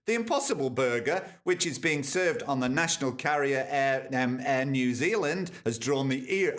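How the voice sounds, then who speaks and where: A man's voice: on the high side, fairly bright tone. Sarcastic man ranting about the news. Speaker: podcast host. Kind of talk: comic news commentary.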